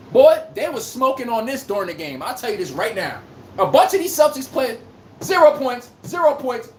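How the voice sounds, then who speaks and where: A woman with a high voice runs a casual sports commentary livestream, ranting and trash-talking. Her pitch swings widely as she jumps between outrage and teasing. She is recorded in an echoey room with faint noise behind. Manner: reads out chat comments. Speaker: livestream host.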